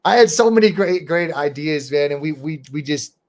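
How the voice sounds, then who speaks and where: A man's voice: fairly high pitch, lively intonation, normal speed, darkish tone. A man hosting a podcast, telling stories in a rambling, profane way, full of "bro" and "dude". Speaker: podcast host and rapper. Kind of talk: casual storytelling chat.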